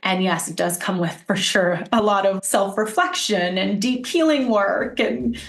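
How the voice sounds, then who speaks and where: A woman's voice: mid-range voice, unhurried, roomy sound. A woman guest on a podcast, an intuitive healer telling stories in casual conversation and acting out what people said. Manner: animated storytelling, acts out quotes.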